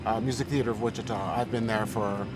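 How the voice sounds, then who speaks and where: A man who directs opera and choral studies, answering thoughtfully in a relaxed interview and pausing often. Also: fairly low pitch. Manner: thoughtful, hesitant, with fillers.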